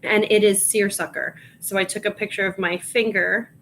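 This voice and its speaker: A woman's voice: mid-range voice, steady tone, normal speed, fairly bright tone, slight background noise, rough recording. A woman with a Long Island accent chatting casually on a livestream, reading bits of her work aloud to herself as she goes. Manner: muttering and reading aloud to herself while typing. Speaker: reseller listing items live. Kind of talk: casual livestream chat while working.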